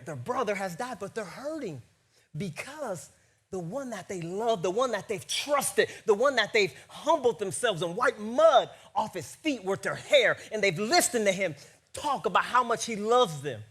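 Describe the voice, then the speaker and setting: A man preaches in a high voice that rises and falls widely. He talks with animation and keeps tossing quick questions to his listeners. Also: breathy edge. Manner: animated, keeps checking in with the audience with "right?". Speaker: pastor. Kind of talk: sermon.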